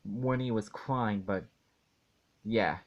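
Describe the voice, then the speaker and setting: A man reviewing a cartoon episode in an indignant rant, halting and restarting as he talks. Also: fairly low pitch. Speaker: video reviewer.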